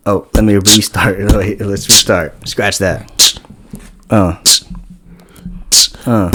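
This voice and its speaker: A man hosting a casual podcast, relaxed and laughing easily, who also beatboxes and tries a freestyle. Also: sits low, a little slow, long pauses, noisy background. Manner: relaxed, laughs, restarts his own freestyle. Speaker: podcast host.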